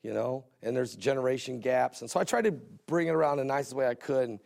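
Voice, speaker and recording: A man's voice: mid-range voice, quick pace, vocal fry, a little mellow. A middle-aged man hosting a Christian television broadcast, telling folksy stories in a sermon style and repeating phrases for emphasis.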